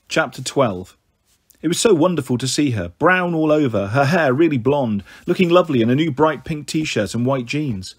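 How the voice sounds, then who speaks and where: A man's voice: lively intonation, moderate pace, breathy edge. A man reading a children's novel aloud, lifting his voice for the characters. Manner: voices the characters with lifted pitch. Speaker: narrator. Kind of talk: storybook reading.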